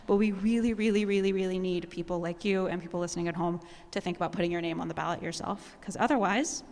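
A woman's voice: fairly low pitch, steady tone, quick pace, a little mellow. A woman guest speaking to a live audience, making an earnest appeal with light laughs. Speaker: guest speaker on civic action. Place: large hall with live audience. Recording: long hall reverb.

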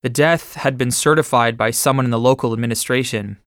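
A man narrating his own memoir in steady first-person storytelling, recorded close to the mic. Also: medium pitch, a little fast, smooth, dry recording.

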